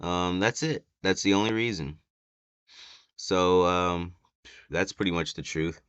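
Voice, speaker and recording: A man giving a casual, chatty wrestling recap with lots of fillers, sometimes acting out quotes loudly. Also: deep voice, a little slow, clean tone, no echo.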